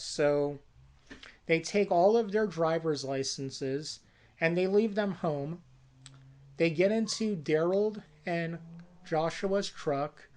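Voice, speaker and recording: A storyteller casually pitching a horror movie, narrating in a folksy, conversational way. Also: darkish tone.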